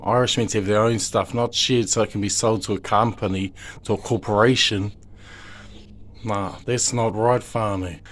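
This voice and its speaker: A man's voice: on the low side, steady tone, normal speed, fairly bright tone, a little hiss or hum. Emotional New Zealand man pleading. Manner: emotional, pleading, swears heavily, rambling. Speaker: father; video maker. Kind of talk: impassioned direct-to-camera monologue.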